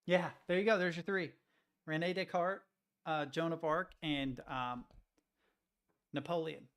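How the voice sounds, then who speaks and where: A man's voice: fairly high pitch, fairly even intonation, unhurried, a bit bright. A man chatting casually with his live-stream chat, joking, laughing often and rambling through self-interruptions. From United States.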